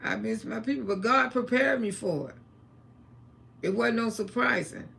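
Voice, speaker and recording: A woman's voice: a little high, moderate pace, vocal fry, a bit bright. A woman, telling blunt, salty family stories on a casual livestream. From Florida, USA. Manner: blunt, salty, talks about God and family. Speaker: livestream host.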